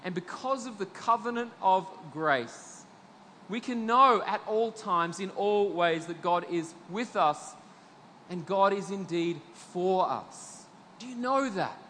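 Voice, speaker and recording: An Australian man, a middle-aged pastor, preaching a sermon with emphatic swells to loud peaks and drops to low, slow passages. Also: expressive, long reverb tail, a little hiss or hum.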